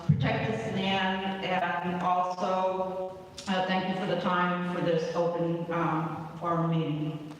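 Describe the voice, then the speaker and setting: A woman's voice: fairly low pitch, flat delivery, slow, background noise. A woman, a local resident, earnestly pleading with officials during public comment at a town meeting. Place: large church meeting hall. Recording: very echoey hall from far off.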